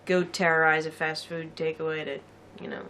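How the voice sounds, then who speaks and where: A woman's voice: low-pitched, fairly even intonation, normal speed, bright, forceful tone, a little hiss or hum. A woman co-hosting a casual chat, hedging her points and saying "like" a lot. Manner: hedging, full of "like". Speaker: co-host.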